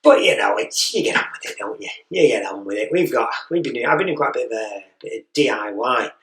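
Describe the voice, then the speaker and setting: A man's voice: mid-range voice, expressive, quick pace, fairly bright tone. A man doing a stand-up routine, telling a story and acting out the voices of the people in it. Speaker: stand-up comedian. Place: comedy venue. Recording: echoey room, mic heard from a distance.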